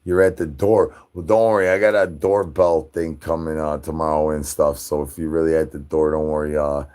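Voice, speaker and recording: A man's voice: extremely low pitch, little pitch movement, brisk, darkish tone, smooth. A man hosting a livestream, rambling in goofy nonsense wordplay and chants. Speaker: livestream host.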